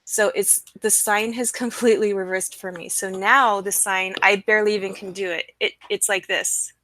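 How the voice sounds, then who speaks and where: Excitable young woman live-streaming. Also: medium pitch, moderate pace, dry recording. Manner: excited, rambling, with fillers and disclaimers. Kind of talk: casual live-stream talk. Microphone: computer mic, screen sharing.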